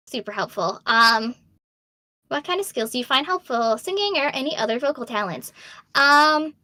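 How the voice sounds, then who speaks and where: A young adult woman voice actor, faintly Boston-accented, fields fan questions on a laid-back Q&A stream, reading them out and answering candidly amid ums and laughter. Her fairly high voice sounds bright and forceful, free of echo.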